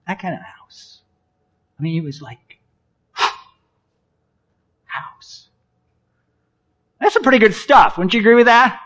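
A man preaching a sermon in an animated, playful way, swinging between loud exclamations and hushed asides. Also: high voice, fairly quick. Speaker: pastor.

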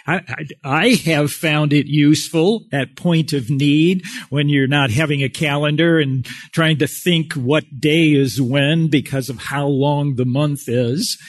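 A man's voice: a little high, fairly even intonation, slow pace, no echo. A male pastor preaching a sermon in a folksy, conversational way, with self-deprecating humor.

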